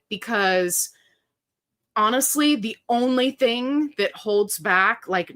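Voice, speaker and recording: A woman hosting a casual live stream, chatting with viewers and reading their comments in a lively, joking way. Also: mid-range voice. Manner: chatty and animated, quick asides and laughs. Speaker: livestream host.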